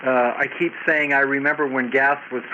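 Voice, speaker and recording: An older man, a ham radio operator, chatting casually in a halting, hesitant way. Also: medium pitch, flat delivery. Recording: muffled radio with static.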